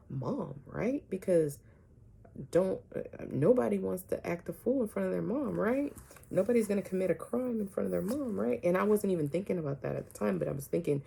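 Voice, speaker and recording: Woman vlogger, deep gravelly voice, animated storytelling, keeps going "right?". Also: fairly quick. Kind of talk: personal storytelling to camera.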